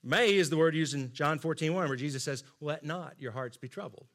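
A middle-aged man preaching a sermon, earnest and emphatic, often dropping to soft asides. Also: a little high, a little fast. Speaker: pastor.

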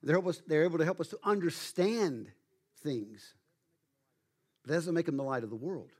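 A man preaching a sermon as pastor, speaking emphatically and slowing down to stress key words. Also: a little high, darkish tone.

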